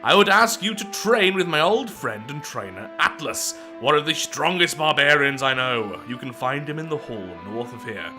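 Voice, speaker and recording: A vain strongman in a game who lectures in a pompous, formal tone and an odd put-on foreign accent, as a man voices him. His pitch rises and falls a lot, and he sounds bright and forceful. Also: lively intonation, moderate pace, hardly any pauses, faint music behind. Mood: lecturing. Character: vain muscle-proud male strongman.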